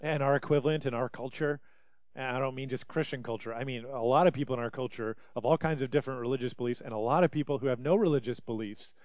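A man's voice: mid-range voice, fast, darkish tone, no echo. A man preaching a sermon as pastor, in an earnest, emphatic way.

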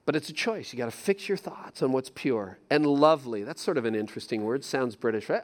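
A man's voice: medium pitch, expressive, fairly quick, hardly any pauses. A male pastor preaching in a conversational, emphatic way, often repeating his key phrases. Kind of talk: sermon.

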